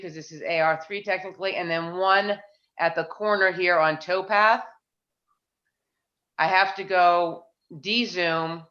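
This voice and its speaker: A woman chairing a town planning board meeting, chatty and self-deprecating, thinking aloud with frequent restarts. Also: a bit bright. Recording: muffled low-fi meeting audio.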